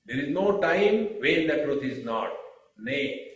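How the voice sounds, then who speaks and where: A man giving a spiritual discourse, speaking deliberately with rhetorical questions and pauses. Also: on the high side, expressive. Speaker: spiritual teacher. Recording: very echoey room, mic far off.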